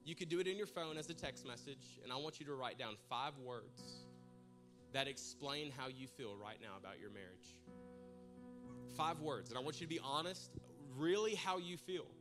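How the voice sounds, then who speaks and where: A man preaching to his congregation, telling a comic personal story with animated, humorous delivery. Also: medium pitch, moderate pace, music in the background. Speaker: pastor. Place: church service in a large room.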